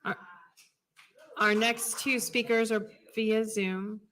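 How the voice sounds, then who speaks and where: A woman chairing a school board meeting, calling speakers up in a brisk, businesslike way. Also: on the high side, flat delivery, fairly bright tone. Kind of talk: formal meeting procedure.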